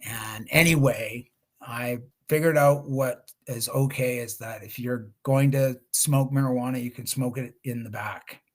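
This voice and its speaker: Middle-aged male guest speaker, mid pitch, chatty storyteller on a video call. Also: steady tone, a little slow. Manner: conversational, restarts, acts out quotes. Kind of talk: webinar storytelling.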